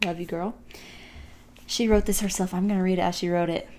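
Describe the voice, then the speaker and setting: A woman's voice: fairly low pitch, steady tone, fairly quick, darkish tone, slight background noise. A woman co-hosting a podcast, telling stories and reading a listener's submission in a casual way, often breaking into giggles. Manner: giggly, bursts into laughter. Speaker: podcast co-host. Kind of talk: casual storytelling.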